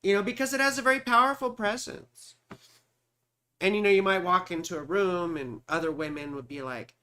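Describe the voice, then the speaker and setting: A man in his forties with a high, bright voice, hosting a casual live stream of astrology readings. He rambles and chats, mutters to himself as he looks things up, and talks to his viewers by name. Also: normal speed, smooth. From California. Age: 40s.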